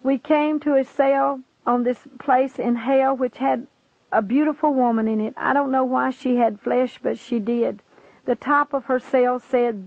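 A woman's voice: high voice, steady tone, unhurried, creaky, dry recording. A woman reading a religious testimony aloud with earnest, dramatic narration. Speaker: reader. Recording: tinny phone-like line, dry.

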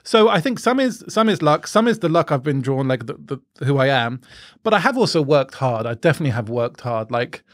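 Young Irish male comic, camp and cheeky, giggly interview chat, a bit high-pitched. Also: big pitch swings, a little fast. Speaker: comedian guest.

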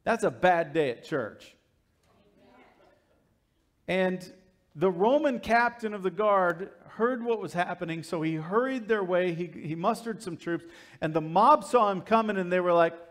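A male pastor preaching a sermon and telling a story, acting out the crowd and characters in quick asides. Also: animated. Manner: swings from loud emphasis to quiet low asides.

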